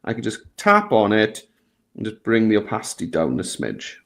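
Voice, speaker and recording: A man's voice: fairly low pitch, wildly swooping pitch, moderate pace, fairly bright tone. Chatty man teaching a lesson. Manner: chatty, guiding step by step. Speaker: tutorial host. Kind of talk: live software lesson.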